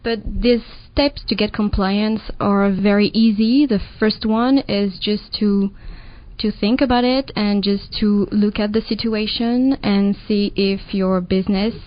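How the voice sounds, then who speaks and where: Woman, careful and halting, explaining data law, muffled radio sound. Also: medium pitch, fairly even intonation, no echo. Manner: hesitant, careful explainer with fillers. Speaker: data protection consultant guest. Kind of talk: casual radio interview. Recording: dull lo-fi radio audio.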